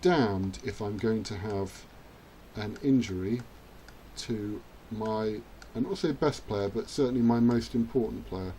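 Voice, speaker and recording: A man's voice: fairly low pitch, unhurried, dark tone, slight background noise. A man chatting his way through a rugby video game, self-mocking and now and then cheering at the screen. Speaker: gaming channel host. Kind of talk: let's-play commentary.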